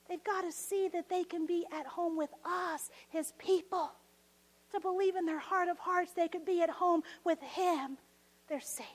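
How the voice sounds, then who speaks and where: A woman pastor preaching a sermon with passion, swinging from emphatic lines to soft whispers. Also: high-pitched, unhurried, long reverb tail, low-quality recording.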